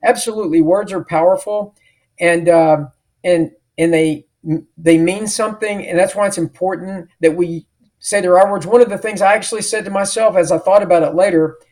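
High-voiced emphatic male storyteller. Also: fairly even intonation, moderate pace, a little mellow. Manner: emphatic storyteller who acts out remembered dialogue. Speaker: author and podcast guest. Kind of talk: storytelling in an interview.

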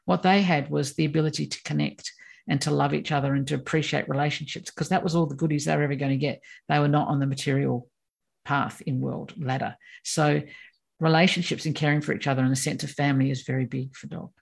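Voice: medium pitch, fairly even intonation, fast, vocal fry, husky. A course teacher explaining ideas in an emphatic conversational way, acting out quoted voices. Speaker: course teacher on personality animals.

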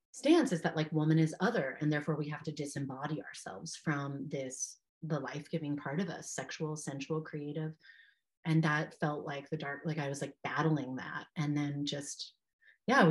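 A woman in her thirties with a notably low voice speaks as a podcast guest. She tells a personal story candidly and with feeling. Her casual phrasing is full of "like" and quick asides. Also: a little mellow. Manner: heartfelt, frank, peppered with "like".

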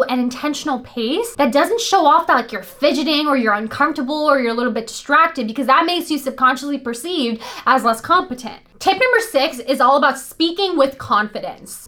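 High-pitched woman coaching to camera. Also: fairly bright tone. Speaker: channel host. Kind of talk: advice talk to camera.

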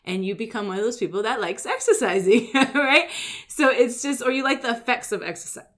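A woman who runs a gym, giving a casual motivational talk full of "like" and "right?" and acting out everyday complaints. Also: fairly high pitch. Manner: chatty, fills with "like" and "right?"; acts out everyday complaints in quick asides. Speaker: gym owner and coach.

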